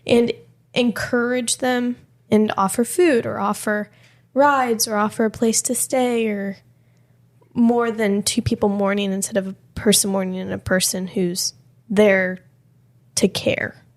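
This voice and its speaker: A woman co-hosting a faith podcast, talking in casual conversation and checking that her point lands. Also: mid-range voice. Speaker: podcast co-host.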